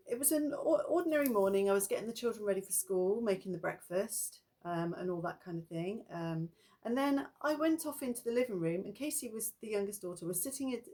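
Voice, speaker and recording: Ghost stories are shared casually by a middle-aged spiritual vlogger who talks in a chatty, wandering way. Now and then she bursts into animated, high-pitched impressions of what people said.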